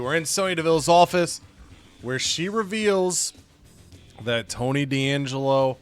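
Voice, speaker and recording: A man recounts events from a wrestling management game. His delivery is steady and recap-like. His pitch sits in an ordinary middle range. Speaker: game commentator.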